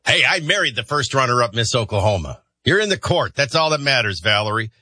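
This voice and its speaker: Chatty bright-voiced male talk radio host. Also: mid-range voice, very animated, a little fast, no echo. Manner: chatty, jokey asides.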